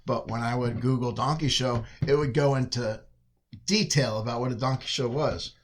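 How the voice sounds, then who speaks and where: A man's voice: mid-range voice, fairly even intonation, normal speed. A man hosting a podcast, chatting casually in a crude, provocative, joking way. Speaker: podcast host.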